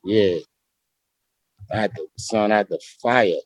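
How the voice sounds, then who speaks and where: A man's voice: on the low side, a little slow, no echo. A man from Brooklyn, telling rambling, slangy street-basketball stories as an interview guest. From Brooklyn, New York. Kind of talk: casual storytelling interview.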